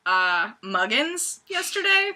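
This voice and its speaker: Bright, giggly young woman vlogger. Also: fairly high pitch, slow. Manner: giggly and animated, acting out scenes. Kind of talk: casual chat.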